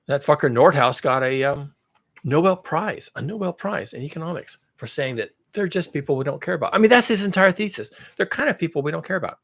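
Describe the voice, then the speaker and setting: A man's voice: on the high side, animated, a little fast, fairly bright tone. A man delivering a heated, profane monologue, mocking and piling up repetitive lines as he builds. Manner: mocks others in sarcastic voices. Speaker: climate commentary channel host. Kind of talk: angry monologue rant.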